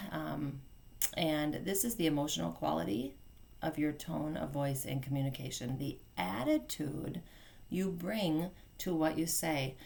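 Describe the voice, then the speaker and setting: A woman's voice: low voice, creaky. A middle-aged woman coaching on family communication in a casual, chatty teaching manner, with fillers and self-corrections. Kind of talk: casual instructional talk.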